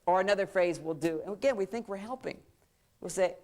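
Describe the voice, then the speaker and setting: A man's voice: a little high, fast talker, darkish tone. A man, a psychologist, giving a humorous seminar talk on relationships in short, punchy phrases. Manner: playful, acts out bits of dialogue in short phrases.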